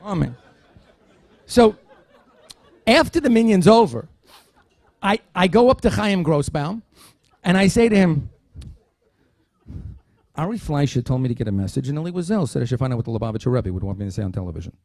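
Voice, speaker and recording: A man's voice: on the high side, a little fast, long pauses, no echo. A man giving a keynote speech at a dinner, telling a story with humorous asides and acting out the dialogue in quotes. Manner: animated, acts out dialogue in quotes. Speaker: keynote speaker.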